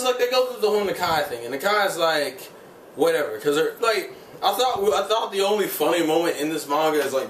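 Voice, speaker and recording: A man's voice: a little high, a bit bright. Male vlogger, casual heated review, loose and profane; faint room noise behind him. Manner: rambling, profane, heated ranting full of "like". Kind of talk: casual spoken episode review. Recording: roomy sound from a distant mic, faint ambience.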